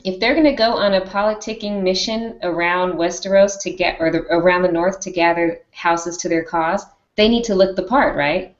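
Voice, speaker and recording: A woman hosting a casual live-stream discussion on a video call, animated and acting out lines. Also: lowish voice, normal speed, few pauses, reverberant, dull audio. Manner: animated, acts out characters' lines. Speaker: show host.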